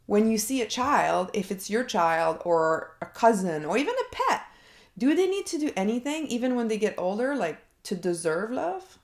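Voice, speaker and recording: A woman's voice: on the high side, sing-song, moderate pace, reverberant. A woman coach talking herself through an unscripted coaching session, reflective and thinking aloud. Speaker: life coach. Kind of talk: unscripted self-coaching monologue.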